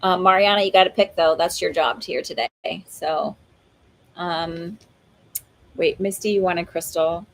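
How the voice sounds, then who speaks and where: A woman's voice: lowish voice, a little slow, rough recording. A woman hosting a live stream of oracle card readings, talking in a chatty, rambling way with lots of fillers and laughs. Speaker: psychic medium host.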